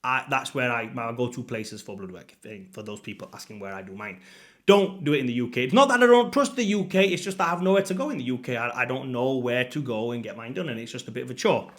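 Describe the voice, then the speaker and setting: A man's voice: mid-range voice, quick pace, fairly bright tone. A man in his thirties talking straight to his viewers as a fitness coach, emphatic and pushy, repeating his points. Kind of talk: direct-to-camera motivational talk.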